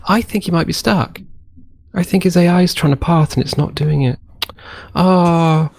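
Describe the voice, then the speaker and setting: A gaming channel host chats his way through his own gameplay in a casual let's play, rambling and basically talking to himself. His voice sits a little high and sounds gravelly, his pace is normal, and the recording is dry with no room sound.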